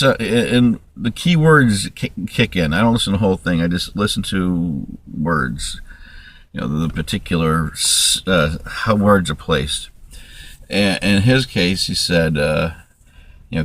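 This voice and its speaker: Profane, rambling man ranting in a low voice. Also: a bit bright, no room sound. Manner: profane, rambling, restarts often. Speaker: vlogger. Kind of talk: ranting monologue.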